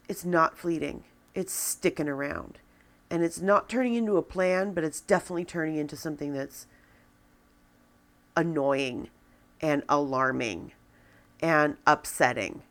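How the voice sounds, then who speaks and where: A woman in her forties talking to a camera, venting in a halting, downcast way with many restarts. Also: sits low, expressive. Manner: subdued and downcast. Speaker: vlogger. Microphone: camera with a person filming.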